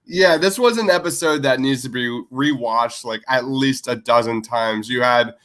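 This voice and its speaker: A man's voice: mid-range voice, normal speed, a bit bright. A man co-hosting a podcast in casual chat, enthusiastic and full of filler words. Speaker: podcast co-host.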